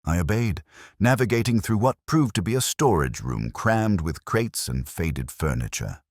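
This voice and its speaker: A man narrating a detective tale in a measured, scripted style. His voice is extremely deep but moves lively through its pitch. The sound is dry, close, and free of room echo. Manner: measured storytelling.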